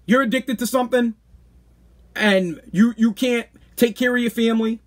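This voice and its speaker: A man's voice: very high-pitched, fairly even intonation, normal speed. A man hosting a podcast, telling a personal story in a blunt, profane, worked-up way. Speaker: podcast host. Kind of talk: casual storytelling.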